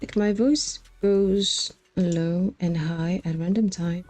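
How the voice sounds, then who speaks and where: A woman's voice: lowish voice, fairly even intonation, slow, a little mellow, dry recording, faint music behind. A woman streamer giving chatty, laid-back commentary while playing a game. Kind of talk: casual gameplay commentary.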